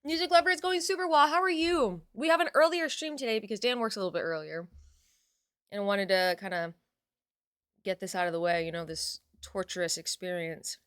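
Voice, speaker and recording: A woman's voice: mid-range voice, fairly quick, a bit bright, no room sound, clean studio sound. A young adult woman chatting casually on a live stream, reading out her chat and swearing now and then.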